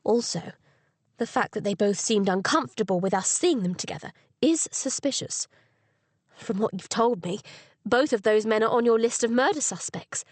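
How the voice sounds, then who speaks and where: A woman's voice: fairly high pitch, expressive, moderate pace, dry recording. A woman voicing an inquisitive young Victorian lady with polite diction. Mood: curious.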